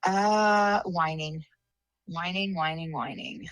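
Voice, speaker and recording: A woman's voice: on the low side, fairly even intonation, takes it slowly, no echo, low-quality recording. A woman in her thirties chatting casually on a podcast, rambling through stories and laughing often. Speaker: podcast co-host, sister. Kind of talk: casual chat.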